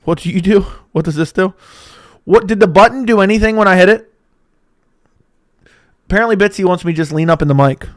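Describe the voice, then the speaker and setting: A young man hosting a casual livestream from a room at home, talking close into a studio mic, joking and crude, with sudden loud bursts. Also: high voice, brisk, long pauses. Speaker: livestream host. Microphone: close studio mic with audio interface.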